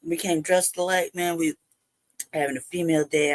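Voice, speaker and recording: A woman with a lowish voice talks briskly while hosting a live stream. She tells a personal story in casual, profane language, laughing a lot and acting out past conversations.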